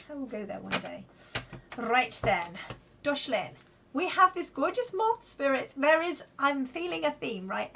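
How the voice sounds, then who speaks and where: A woman with a bright, high-pitched voice runs a live card reading. She talks chattily and reassuringly to her viewers and keeps checking in with them as she goes. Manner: chatty, reassuring, lots of "okay?" and "right?". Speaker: card reader.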